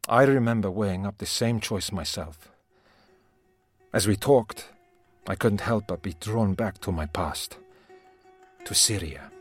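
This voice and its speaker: A man's voice: on the low side, a little slow, husky. Man, heartfelt first-person narration, emotional delivery, music bed behind.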